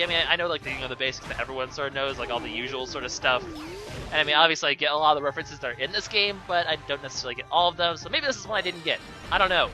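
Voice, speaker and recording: A man's voice: fairly high pitch, sharp tone. A young man casually commenting over gameplay, rambling with sarcastic asides and plenty of fillers. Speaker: let's play commentator.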